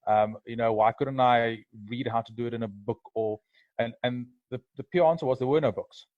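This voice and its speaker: A man's voice: mid-range voice, no room sound. A man co-hosting a video call interview who speaks thoughtfully, stopping and restarting often. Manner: thoughtful, halting, many restarts. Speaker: co-host. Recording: dull muffled call audio.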